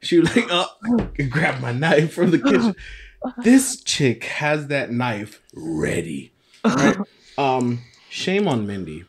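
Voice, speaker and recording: A man's voice: mid-range voice, big pitch swings, slow. A man co-hosting a podcast in casual chat, joking and laughing often. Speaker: podcast co-host.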